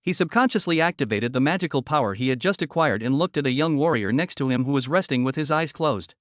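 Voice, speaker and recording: A man narrating a web novel audiobook in a steady, even storytelling voice. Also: mid-range voice, fast, dry recording, studio quality.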